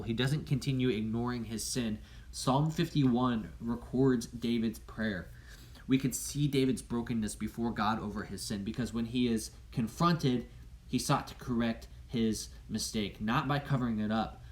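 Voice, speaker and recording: Casual man teaching a Bible lesson. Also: medium pitch. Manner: casual and conversational, with many fillers; animated storytelling. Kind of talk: Bible lesson to high school students.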